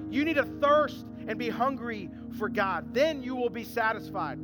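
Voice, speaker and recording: A man's voice: very high voice, lively intonation, moderate pace. A man preaching a sermon as a pastor, earnest and emphatic, acting out quoted voices and repeating phrases for emphasis. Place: church sanctuary. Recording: reverberant church hall with band music.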